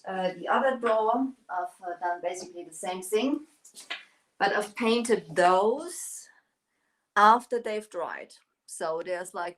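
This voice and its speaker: A middle-aged woman from Germany, a native German speaker, chatting casually on a live stream while demonstrating furniture painting, with lots of fillers and restarts. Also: lowish voice. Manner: chatty, hesitant with many fillers, greets viewers.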